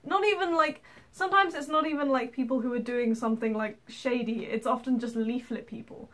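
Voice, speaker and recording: An Englishwoman tells stories to camera in a casual vlog, rambling along with lots of fillers and frequent laughter. Her voice is fairly high and fairly bright, and she talks briskly.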